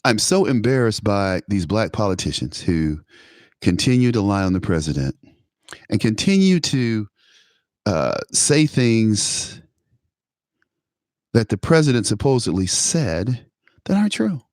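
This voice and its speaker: A man's voice: lowish voice, very animated, measured pace, long pauses, darkish tone, dry recording, clean studio sound. A man hosting a talk show, giving a political commentary monologue, emphatic and repetitive, often laughing at his own remarks.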